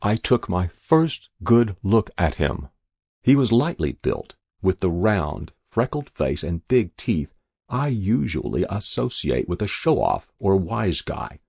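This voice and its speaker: A man's voice: low-pitched, very animated, takes it slowly, gravelly, darkish tone, husky, dry recording. A man reading a first-person story aloud in a wry, dry storytelling manner. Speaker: narrator. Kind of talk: audiobook narration.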